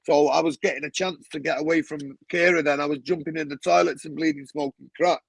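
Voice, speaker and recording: A man, a podcast guest telling animated stories, swearing often and acting out other people's voices. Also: fairly high pitch, fast, vocal fry, no echo, poor audio. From Manchester, England. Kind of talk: casual storytelling.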